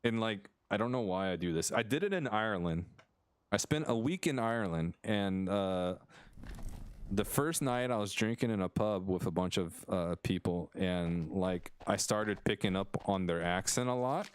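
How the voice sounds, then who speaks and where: A young American man talks into a headset during a live stream, rambling and restarting as he goes. His voice sits very low, and it comes through smooth and clear. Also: animated, normal speed. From United States. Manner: rambling, self-interrupting, laughs often. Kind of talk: casual chat on a live stream.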